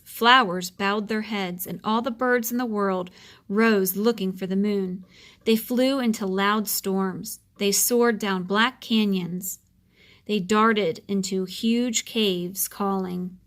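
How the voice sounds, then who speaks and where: Woman reading a kids story, slow and gentle, expressive. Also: medium pitch. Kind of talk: children's story read-aloud.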